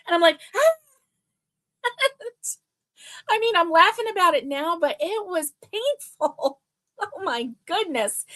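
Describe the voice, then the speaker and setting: Chatty woman with a slightly high voice. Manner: rambling storyteller, chats with viewers. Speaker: crochet livestream host. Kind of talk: casual chat.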